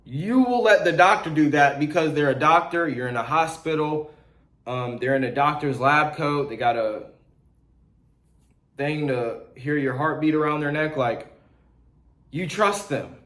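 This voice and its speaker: A man's voice: a little high, measured pace. Blunt, slangy young man coaching. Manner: blunt, animated, slangy, acts out calls. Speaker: real estate wholesaling coach. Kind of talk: casual teaching talk to camera. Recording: echoey room.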